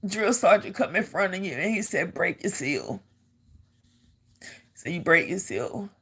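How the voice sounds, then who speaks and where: A woman's voice: on the high side, slightly rough. An older woman, an army veteran, telling a personal story in an earnest way and repeating phrases for emphasis.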